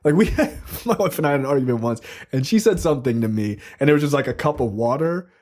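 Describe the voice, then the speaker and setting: A man's voice: mid-range voice, fast talker. A man in his thirties co-hosting a casual podcast chat, telling stories with lots of profanity and acted-out quotes. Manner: animated storyteller, acts out quotes with profanity. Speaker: podcast co-host.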